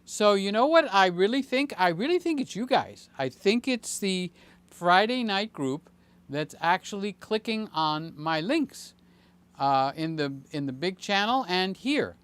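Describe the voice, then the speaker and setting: A man in his late sixties hosting a casual livestream, chatting in a rambling, jokey way with many fillers and sudden excited jumps. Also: sits high, a little slow, clean tone. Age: 60s. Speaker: channel host.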